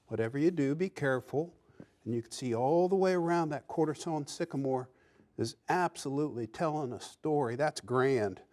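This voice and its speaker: A man's voice: fairly high pitch, a little mellow. A man hosting a woodworking show, demonstrating projects in a folksy, enthusiastic way. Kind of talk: instructional demonstration.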